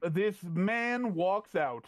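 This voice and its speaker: A man runs a tabletop game, narrating in stops and starts and repeating himself as he goes. His voice sits a little high, with a dry, close sound. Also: animated, dry recording. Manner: halting, repeats words, quotes characters. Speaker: game master.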